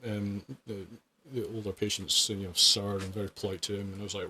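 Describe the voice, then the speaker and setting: A man in his fifties, a paramedic guest telling animated stories and laughing often. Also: fairly low pitch, quick pace, a little hiss or hum. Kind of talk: casual anecdote telling.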